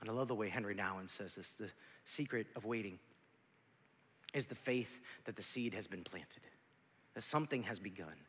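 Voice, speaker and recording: A man in his forties preaching a sermon, swinging from loud shouts to near whispers, with joking asides to the congregation. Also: fairly low pitch, normal speed, long pauses, husky, big-room sound. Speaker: pastor.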